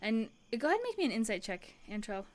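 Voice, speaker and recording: A woman's voice: fairly high pitch, very animated, fast talker. A woman voicing a kind, nervous young woman driving a cart, hesitant and full of fillers.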